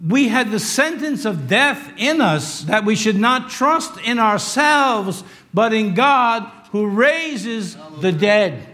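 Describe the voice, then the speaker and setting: A man in his sixties preaching a sermon in a conversational way, with wry humor, moving between loud emphasis and quiet asides. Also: high voice, animated, takes it slowly. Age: 60s. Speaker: pastor.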